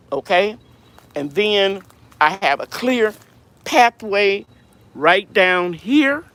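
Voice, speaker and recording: A middle-aged woman with a mid-range, fairly bright voice gives a casual garden tour for her vlog outdoors. The home gardener and channel host rambles chattily and corrects herself, filmed with a handheld phone.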